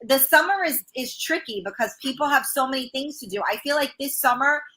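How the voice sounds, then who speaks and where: Bright-voiced chatty woman host. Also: high voice, brisk. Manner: chatty, reads out viewer comments. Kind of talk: casual chat.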